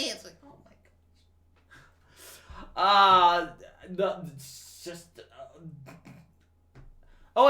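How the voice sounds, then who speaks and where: A man from Romania rants about a movie on his livestream, incredulous and swearing freely. His bright voice swings widely in pitch. He sounds like he is in an echoing room. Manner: incredulous, profane, animated. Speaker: livestream host. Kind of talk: casual movie rant. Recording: roomy echo.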